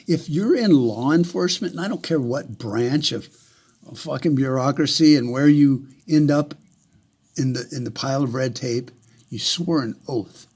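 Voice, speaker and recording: A vlogger rants angrily to camera, swearing heavily, profane and heated, often repeating words and restarting sentences. His medium-pitched voice is a little mellow with a breathy edge, at a moderate pace.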